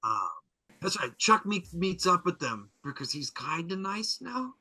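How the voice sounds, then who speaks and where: Man, podcast guest, lively jokey recap, very bright tone, dry studio sound. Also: high-pitched, a little slow, dry recording, low-quality recording. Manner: lively, jokey, jumps into character voices. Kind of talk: animated episode recap.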